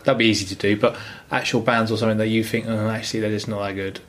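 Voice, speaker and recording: A man's voice: fairly low pitch, level tone, racing, fairly bright tone, slight background noise. A man co-hosting a podcast, talking casually and swearing freely as he reminisces. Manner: laid-back, swearing, reminiscing. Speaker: podcast co-host. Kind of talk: casual chat.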